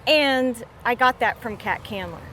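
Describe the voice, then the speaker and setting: A woman's voice: fairly high pitch, a little slow, bright, forceful tone, a little hiss or hum. A woman guest talking frankly and upbeat in an interview at a party, hesitating a little at first. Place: outdoor film party.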